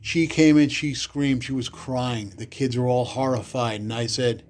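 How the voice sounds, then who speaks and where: A man, a podcast guest telling loud, animated stories in casual chat, cursing freely and acting out the people he quotes. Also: medium pitch, unhurried, slight background noise. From the Bronx, New York. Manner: animated, swears freely, acts out quotes loudly. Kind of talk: casual storytelling.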